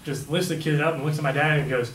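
A man's voice: on the high side, steady tone, fast. A young man casually telling a personal story, rambling and filling his sentences with "like" and "right?". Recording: echoey room, mic at a distance, faint background hum.

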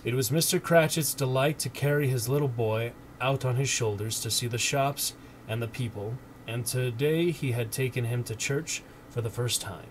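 Man, storybook read-aloud, gentle and expressive, middle pitch, faint background noise. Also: normal speed. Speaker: streamer.

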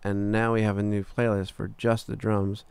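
A man with a low, gravelly voice talks through a software tutorial in a casual, relaxed way, pausing on fillers as he clicks along. His tone stays smooth and resonant despite the grit. The sound is close and dry, with no room around it. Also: dry recording. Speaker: recording engineer teaching software. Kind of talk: screen-recorded software tutorial.

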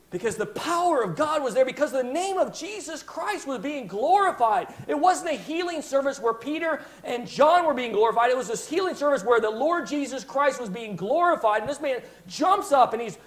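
Man, preacher, sermon, very high-pitched, passionate Bible storytelling. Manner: impassioned storytelling, dramatic retelling.

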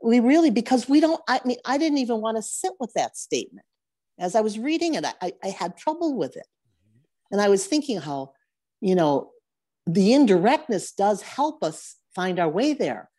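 Mellow woman, earnest and searching. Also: fairly high pitch, sing-song. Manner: earnest, searching, halting restarts. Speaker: study group member. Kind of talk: casual spiritual discussion.

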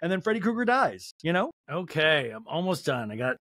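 A man's voice: fairly high pitch, animated, fast, hardly any pauses, sharp tone, no echo. A man hosting a comedic recap podcast, telling the story in a sardonic, profane, rambling way close to the mic. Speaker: podcast host.

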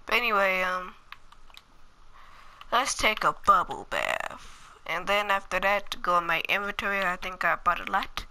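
A woman's voice: medium pitch, a little slow, pushed and bright, low-quality recording. A woman giving casual, slangy gameplay commentary, chatting to viewers and muttering asides to herself as she plays. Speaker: gaming channel host.

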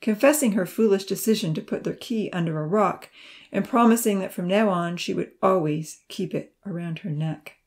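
A woman narrating a Christian children's storybook aloud in a steady, expressive reading. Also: mid-range voice, moderate pace. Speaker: audiobook reader.

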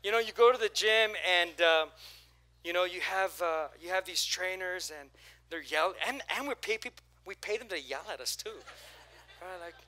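Bright-voiced male pastor preaching. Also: high voice, animated, normal speed. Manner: conversational, storytelling with acted quotes and crowd prompts. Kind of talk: sermon. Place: church auditorium.

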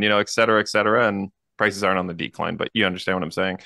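A man's voice: fairly low pitch, level tone, creaky, bright, forceful tone, dry recording, clean studio sound. A man with a Canadian accent co-hosting a podcast in casual chat, sometimes reading news aloud, chatty and joking at his own slips. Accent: Canadian English. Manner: fast, chatty, jokes and laughs at own slips. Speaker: podcast co-host, realtor.

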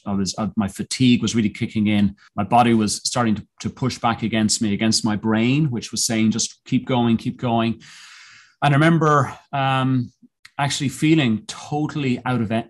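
A man being interviewed as a guest, telling a personal story in a reflective, earnest way with many pauses and restarts. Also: mid-range voice. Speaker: podcast guest, mountaineer.

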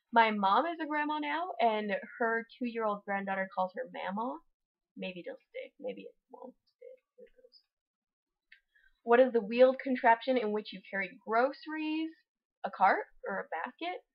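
A woman's voice: a little high, lo-fi sound. A young woman from Utah with a Utah accent, chatting casually and reading a word list with wry, offhand humor. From Utah, USA. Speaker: vlogger.

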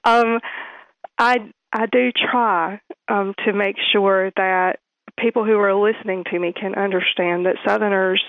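A woman's voice: medium pitch, steady tone, measured pace, no room sound. A woman with a Southern accent talking in an interview, hesitant with many ums. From American South. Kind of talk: casual interview. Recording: tinny phone line.

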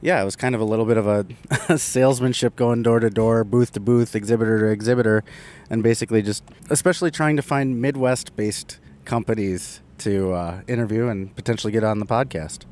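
A man with a fairly low voice chimes in with dry jokes and easy banter. He sounds relaxed and casual. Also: brisk. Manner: wry and joking. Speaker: podcast photographer and co-host. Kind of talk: casual podcast chat.

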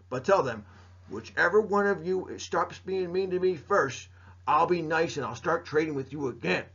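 A man's voice: a little high, expressive, normal speed, slightly rough. A man teaching a recorded history lesson to students, playful and jokey, talking straight to them. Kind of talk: recorded mini lecture. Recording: dull lo-fi recording.

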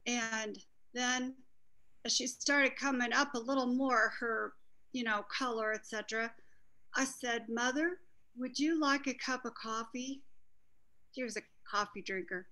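A middle-aged woman with a high, bright voice speaks to a small church group. She tells a personal story in an earnest, halting way, pausing and restarting as she goes. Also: low-quality recording. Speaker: group participant.

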